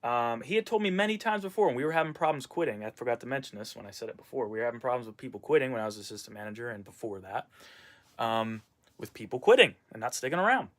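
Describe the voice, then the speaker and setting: A man's voice: mid-range voice, animated, fast. Man venting in a rambling vlog. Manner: rambling, venting about a former boss; frequent fillers and trailing asides. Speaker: vlogger and musician. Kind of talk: casual vlog monologue.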